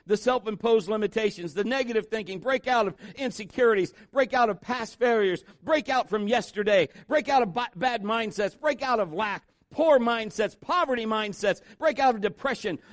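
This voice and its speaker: With a very high voice on a dry recording, this pastor delivers a church sermon. He sprinkles in joking asides and gives voices to the quotes he reads.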